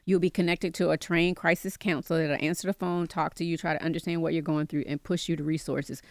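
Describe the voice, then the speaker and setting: A woman with a lowish voice talks as a guest in a radio studio, urging her listeners with passion. Her voice is close and dry, with no room around it. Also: level tone, fast, a little mellow, no room sound. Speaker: guest, mental health advocate. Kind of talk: earnest interview talk.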